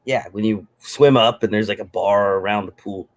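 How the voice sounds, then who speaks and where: A man's voice: on the low side, moderate pace. A man in his forties spins a rambling story in loose, casual chat. He jokes freely and pokes fun at himself, talking over a video call. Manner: rambling, jokey, self-deprecating. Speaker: guest on a live stream.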